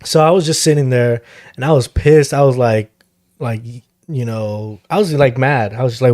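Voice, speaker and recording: A man's voice: medium pitch, moderate pace, a little mellow, dry recording, clean studio sound. A young man hosting a podcast, telling a story in a laid-back, casual way, swearing freely and chuckling now and then. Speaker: podcast host.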